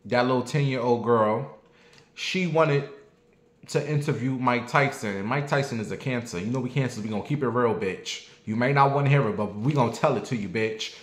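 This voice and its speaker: A man's voice: mid-range voice, lively intonation, moderate pace. Guy in his 40s ranting to his viewers, swears a lot, preachy, echoey room. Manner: blunt, profane, preachy. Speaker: vlogger. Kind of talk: casual rant to viewers.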